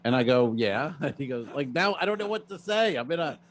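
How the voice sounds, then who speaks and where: A man with a Rhode Island accent, a comedian co-hosting a podcast, telling a rambling story in deadpan complaints with lots of fillers. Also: fairly high pitch, fast. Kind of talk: casual comedy podcast chat.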